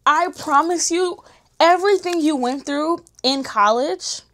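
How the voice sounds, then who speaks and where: A woman's voice: high voice, a little slow, a bit bright. A young woman chatting candidly to camera, slangy, emotional and encouraging. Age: young adult. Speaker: vlogger. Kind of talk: casual chat to camera.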